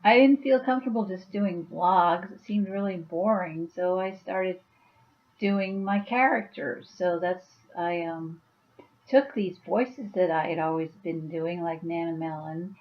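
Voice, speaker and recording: A woman's voice: fairly low pitch, measured pace, lo-fi sound. A woman chatting casually on her vlog at home, rambling with many fillers. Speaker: YouTuber and author.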